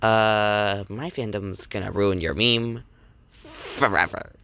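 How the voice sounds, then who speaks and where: A smug male villain from a homemade cartoon, muttering his boasts low and quiet, in a man's own voice. His tone is gravelly. The sound is dry and close. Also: fairly even intonation, slow pace, no room sound, heavily acted.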